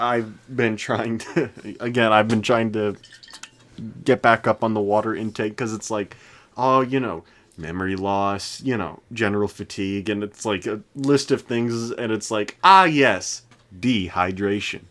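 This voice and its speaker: A man's voice: fairly low pitch, measured pace, fairly bright tone. Rambling, laughing male podcast co-host. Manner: laughing, rambling with many fillers. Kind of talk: casual chat.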